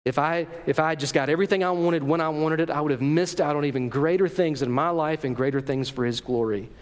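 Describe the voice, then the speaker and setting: A pastor preaches in a conversational way, asking his congregation questions as he goes. His voice sits high for a man. The sound carries the long reverb of a church hall. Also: fast. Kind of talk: sermon. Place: church sanctuary.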